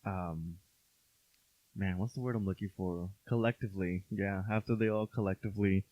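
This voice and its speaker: A man's voice: deep voice, fairly even intonation, normal speed. A young man co-hosting a podcast, chatting casually, swearing a lot and searching for words as he rambles. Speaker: podcast co-host. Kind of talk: casual chat. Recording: dull lo-fi dry sound.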